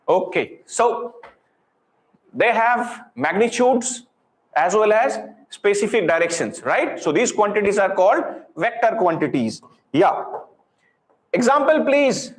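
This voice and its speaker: Indian male physics teacher, high lively voice, praises students over and over, roomy echo. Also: a little slow. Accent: Indian English. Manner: encouraging, repeats praise, mixes Hindi. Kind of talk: live online lecture.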